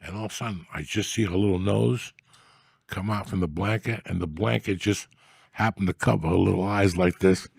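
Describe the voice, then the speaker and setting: Podcast host, middle-aged man, husky voice, dry close sound, profane and rambling, gruff comic delivery. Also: deep voice, steady tone, a little fast, a little mellow, no echo. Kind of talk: casual comedic rant.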